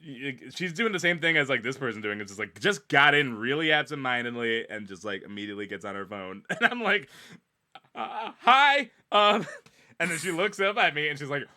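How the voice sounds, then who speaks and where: Animated young man telling a story. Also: mid-range voice, quick pace. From Washington State, US. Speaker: podcast co-host. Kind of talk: casual chat.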